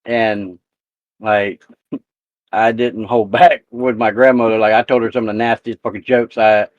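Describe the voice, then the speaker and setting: A man's voice: fairly low pitch, level tone, moderate pace, no room sound, dull audio. A man hosting a live talk show, telling a profane family story in casual chat.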